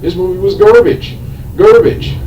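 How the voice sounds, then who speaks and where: A man's voice: on the high side, normal speed, dark tone, distant mic, highs cut off, slight background noise. A man reviewing a movie in an unscripted rant. He repeats himself, loses his train of thought, says "um" a lot, and breaks into exasperated outbursts. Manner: rambling and repetitive, loses his train of thought, many filler ums. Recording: echoey room, voice set back from the mic.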